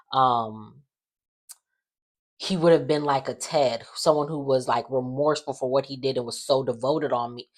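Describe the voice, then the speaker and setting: Low-voiced sassy woman recapping soaps. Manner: chatty, animated, sassy asides with many fillers. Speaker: soap opera recap vlogger. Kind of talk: casual recap and commentary.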